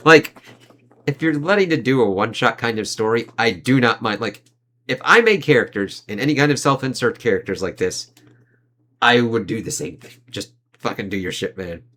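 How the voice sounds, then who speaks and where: A man's voice: on the low side, expressive, normal speed, pushed and bright. A man casually reviewing a comic book, reading its panels aloud in playful put-on voices, laughing and swearing as he goes.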